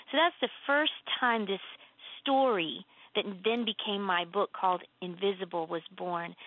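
A woman with a gravelly edge to her voice, speaking earnestly about her faith as an author guest. She tells her stories with animated lifts and plenty of conviction. The sound comes over a tinny, phone-like line and is completely dry, with no room echo. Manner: earnest, animated storytelling with emphatic pitch lifts. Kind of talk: casual faith conversation.

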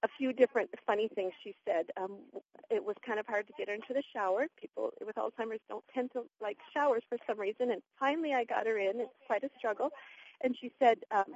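A woman's voice: fairly high pitch, fast, darkish tone, husky, no room sound, muffled recording. A woman calling in to a radio show from a schoolyard, telling tender family stories while laughing and getting choked up. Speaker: caller. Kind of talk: phone-in storytelling.

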